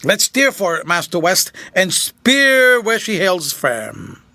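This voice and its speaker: A man's voice: high voice, big pitch swings, sharp tone, no echo, studio quality, exaggerated voice. A man voicing a dogged, superstitious Scots countryman in a broad Scottish accent, drawling his dialect words. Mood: musing. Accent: Scottish, put on. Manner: broad dialect, slow and grumbling.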